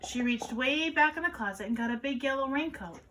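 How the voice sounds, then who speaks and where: A woman, a children's caregiver, reading a picture book aloud to children in an animated, sing-song storytelling manner. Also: sits high, fairly quick, low-quality recording.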